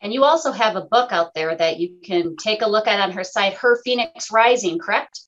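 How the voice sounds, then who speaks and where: A woman hosting a radio talk show in casual chat, animated and laughing, acting out quotes. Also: medium pitch, moderate pace, muffled recording.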